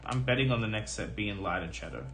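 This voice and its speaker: A man streaming live as he opens trading card packs, talking casually with lots of fillers and getting excited about his pulls, his voice a little hoarse. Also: lowish voice, fast. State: slightly hoarse. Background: music.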